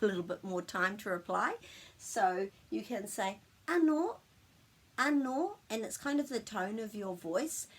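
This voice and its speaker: A woman giving a casual spoken language lesson, demonstrating phrases with exaggerated tone of voice. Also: medium pitch. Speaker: language teacher.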